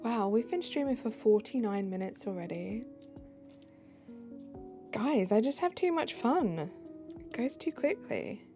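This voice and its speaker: A tired British woman chatting casually on a live stream, giggly, reading chat aloud and dropping into soft asides. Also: on the high side, expressive, a little slow, pauses often, soft background music.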